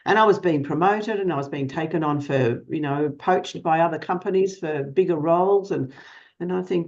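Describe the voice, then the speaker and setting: A woman's voice: lowish voice, moderate pace, darkish tone. A woman giving interview advice as a guest coach, in a direct, encouraging way with rhetorical questions. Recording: dull lo-fi sound.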